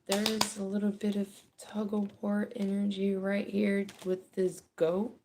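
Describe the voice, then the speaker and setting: A woman giving a casual tarot reading, chatty and animated, with frequent laughter and swearing. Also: medium pitch, unhurried, background noise. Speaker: tarot reader. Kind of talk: casual spoken card reading.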